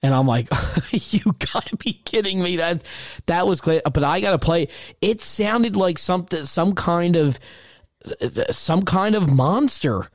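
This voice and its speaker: A man hosting a casual gaming chat show, telling stories in an animated, rambling way. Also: a little high, a little slow, no echo, clean studio sound. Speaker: show host.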